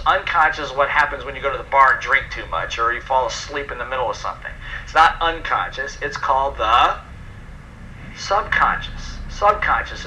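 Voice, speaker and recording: A man's voice: fairly high pitch, bright, forceful tone, slight background noise, poor audio. Emphatic man giving a motivational talk. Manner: asks the audience questions, emphatic. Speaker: speaker presenting a personal development program.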